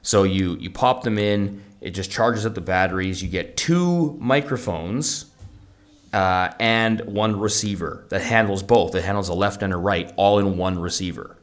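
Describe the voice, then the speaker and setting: A man's voice: low voice, unhurried. A man co-hosting a podcast, chatting casually and enthusiastically about audio gear, with lots of restarts. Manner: rambling, restarts often, enthusiastic about gadgets. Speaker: podcast co-host. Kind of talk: casual gear review chat.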